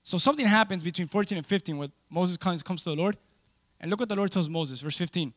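High-voiced man preaching an animated sermon. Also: quick pace. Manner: animated, asks the congregation for responses; swings between loud exclamations and hushed asides.

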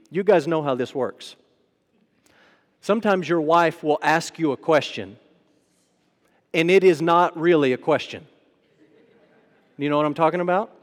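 A male pastor preaching a sermon in a conversational way, asking the crowd rhetorical questions and acting out the voices he quotes. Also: a little high. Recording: long hall reverb.

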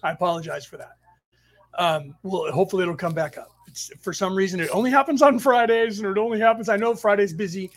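A man hosting a spiritual study class on a live stream, telling stories in a rambling way with sudden loud outbursts, talking into a home computer mic. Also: sits high, quick pace. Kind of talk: casual live-stream storytelling. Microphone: home computer mic over weak Wi-Fi.

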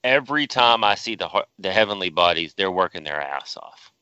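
A man as a co-host giving casual commentary in a dry, deadpan manner. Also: deep voice, a little fast, clean tone, no echo. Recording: dull, dry lo-fi audio.

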